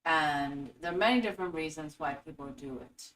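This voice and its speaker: A woman hosting a spiritual teaching talk, telling stories in an animated way and acting out quotes. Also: low-pitched, moderate pace, a little hiss or hum. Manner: animated storytelling with acted-out quotes. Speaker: host. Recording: echoey room, voice from a distance.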